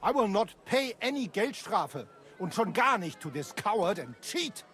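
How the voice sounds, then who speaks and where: Proud German swordmaster, hot-tempered, lively high delivery, game dialogue. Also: male voice, moderate pace. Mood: defiant. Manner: mixes German words into English, defiant.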